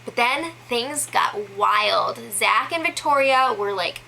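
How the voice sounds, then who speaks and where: Chatty woman recapping stuff, bright kinda high voice, lots of likes and little laughs, faint hiss behind. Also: animated, slow, creaky, rough recording. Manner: chatty, many "like" fillers, laughs between quotes. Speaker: show recap host. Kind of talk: casual spoken recap.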